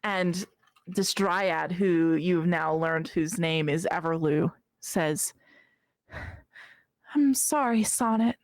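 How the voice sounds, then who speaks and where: A woman narrating as game master of a tabletop game, measured with small hesitations. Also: low-pitched, flat delivery, dry recording, clean studio sound.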